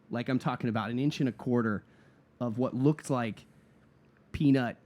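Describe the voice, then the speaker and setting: A man guest telling a long, comic story in a relaxed podcast chat, acting out what people said and laughing along. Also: medium pitch. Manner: animated storyteller, acts out quotes, laughs at own story. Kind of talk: casual storytelling.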